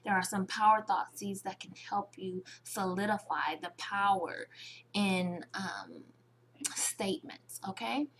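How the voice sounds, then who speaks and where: A woman's voice: mid-range voice, lively intonation, takes it slowly, a bit bright, a little hiss or hum. A woman giving a motivational webinar talk, emphatic, repeating key phrases and checking in with "okay?". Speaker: motivational speaker.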